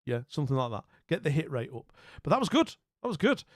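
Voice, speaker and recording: A man's voice: fairly high pitch, sing-song, quick pace, no echo, studio quality. A man streaming live, talking casually and rambling as he thinks aloud and greets his viewers. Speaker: streamer playing a geography guessing game.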